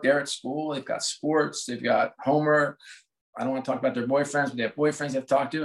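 A man's voice: mid-range voice, low-quality recording. A man in his forties from the United States, speaking candidly and reflectively as an interview guest, often restarting his sentences. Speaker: guest, sports executive. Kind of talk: conversational interview.

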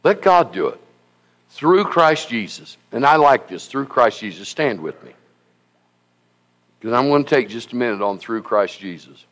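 A man preaching a sermon, telling stories in an animated, folksy and emphatic way. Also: mid-range voice, moderate pace. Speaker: pastor.

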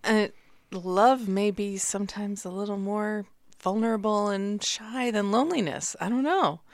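A woman's voice: mid-range voice, a little slow, no room sound. Musing female podcast co-host, dry sound. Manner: tentative, musing, with soft exclamations. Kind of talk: conversational podcast talk.

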